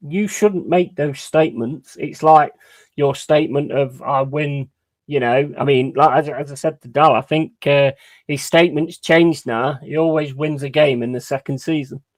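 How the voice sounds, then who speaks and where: In a rough recording, a man with a fairly high voice streams a football watch-along, ranting casually in a heated, blunt, sweary way.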